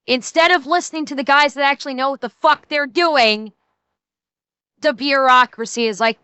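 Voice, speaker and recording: Streamer, woman. Bright, dry close sound, casual profane reaction commentary. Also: high-pitched, moderate pace, clear, resonant tone, dry recording. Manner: blunt and profane, trailing off mid-thought.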